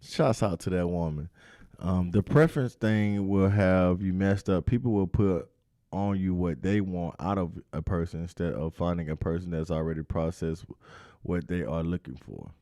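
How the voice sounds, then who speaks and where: Slangy, low-voiced man talking casually. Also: normal speed. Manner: animated, repetitive, slangy street talk. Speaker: host. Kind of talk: casual chat.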